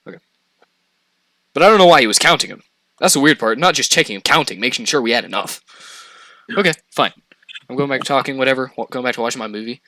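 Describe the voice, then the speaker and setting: Animated, bright-voiced young man telling a story. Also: medium pitch, dry recording. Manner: animated, profane, laughs through the telling. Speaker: podcast storyteller. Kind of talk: casual storytelling chat.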